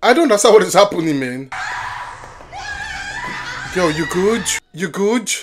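A woman's voice: lowish voice, lively intonation, a little slow, background noise. A woman reacting to a film she is watching for the first time, exclaiming and talking back to the characters in slangy asides. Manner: exclaims and yells at the characters on screen. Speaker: movie reaction host.

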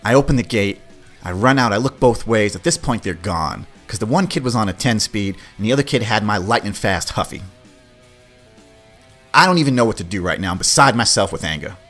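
A middle-aged man, hosting a podcast and telling a story from his childhood in a casual, animated way, swearing freely. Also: fairly low pitch, brisk. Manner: animated, swears, acts out quoted voices. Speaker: podcast host. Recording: faint music behind.

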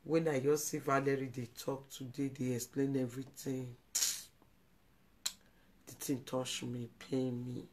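A woman's voice: very deep voice, little pitch movement, unhurried, long pauses, a little mellow, a little hiss or hum. A Nigerian woman hosting a live video, speaking in an emotional, pleading way and repeating herself. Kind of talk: emotional live-stream commentary.

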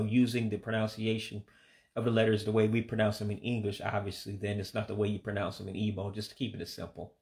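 A man giving a casual vocabulary lesson, speaking slowly and carefully, repeating words with some hesitant fillers. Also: lowish voice. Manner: slow, careful repetition of words. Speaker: language learner teaching vocabulary.

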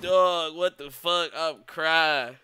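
A man streaming live, chatting casually and excitedly, shouting out his viewers in heavy slang. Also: on the high side, slow pace, clean tone.

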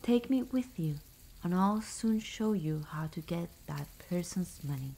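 A woman's voice: lowish voice, animated, unhurried, gravelly, dark tone, exaggerated voice. A woman voicing a tiny, bold, mischievous boy in a whispered role-play, eager and impish. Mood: cheeky.

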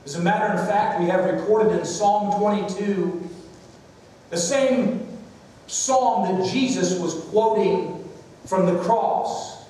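High-voiced preacher in an echoing church. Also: male voice, slow pace, warm tone, a little hiss or hum. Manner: storytelling and preaching, calling for amens. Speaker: pastor. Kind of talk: sermon. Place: church sanctuary. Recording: echoey church hall, distant mic.

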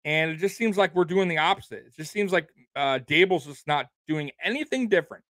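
A fairly high-voiced man rants at his live chat, swearing often and repeating himself as he works up his anger. His voice is close and dry, with no room sound around it. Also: fairly quick, a bit bright, no room sound. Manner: profane, fired-up, repetitive. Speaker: sports livestream host. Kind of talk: angry fan rant on a livestream.

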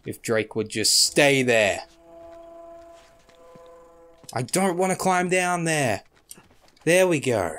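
Slow, lively, swearing gameplay commentator. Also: medium pitch. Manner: swears often, talks back to the game. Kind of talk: casual let's-play commentary. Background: game music and gunfire.

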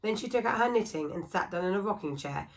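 A woman reading a children's story aloud in a steady, expressive storytelling voice. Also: mid-range voice, fast talker, low-quality recording. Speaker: school staff reader.

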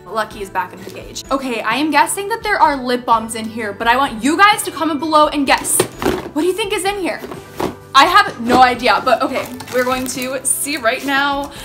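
Young female vlogger, high-pitched and gushing, faint music underneath. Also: animated, moderate pace. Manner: gushing, gasping, easily thrilled. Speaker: beauty vlogger. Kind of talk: excited casual vlog talk.

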